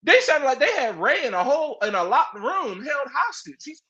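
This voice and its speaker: A man's voice: extremely high pitch, moderate pace. A man co-hosting a podcast, chatting casually about wrestling and telling stories with mocking impressions. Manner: animated storytelling with mocking impressions. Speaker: podcast co-host. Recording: muffled lo-fi audio.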